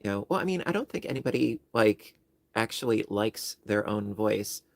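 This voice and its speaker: A man's voice: fairly low pitch, lively intonation, moderate pace, gravelly, no room sound. A man hosting a crochet livestream, chatting casually with viewers and explaining stitches step by step. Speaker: crochet channel host. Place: home livestream setup.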